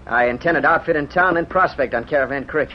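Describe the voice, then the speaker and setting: A man's voice: on the high side, fast, slight background noise, close to an everyday voice. A man playing a plainspoken, honest ex-cavalry sergeant in a 1930s-style radio drama, on a muffled old recording. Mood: friendly. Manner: plainspoken and direct.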